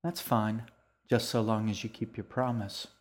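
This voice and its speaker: A man's voice: fairly low pitch, fairly even intonation, measured pace, close to an everyday voice. A man voicing a menacing, falsely smiling man who coaxes and threatens a boy in an audiobook reading. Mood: sly. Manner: cold, coaxing, threatening.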